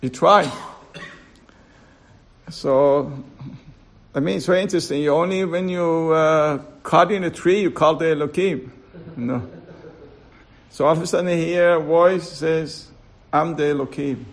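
A man teaching a Torah class, telling a parable in a halting, storytelling way and chuckling as he acts out the dialogue. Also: on the high side, steady tone. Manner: halting, fillers, slow and deliberate. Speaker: rabbi.

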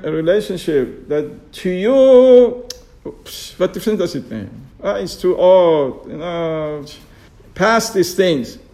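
High-voiced man giving a Torah class. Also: darkish tone. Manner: chuckling, asks rhetorical questions, acts out quoted excuses. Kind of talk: informal Torah lesson on radio.

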